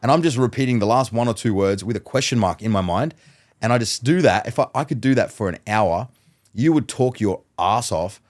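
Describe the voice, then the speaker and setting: Man, very low voice, podcast guest, casual storytelling, acts out conversations. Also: brisk. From Australia. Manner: animated storyteller who acts out dialogue. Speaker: guest mentalist.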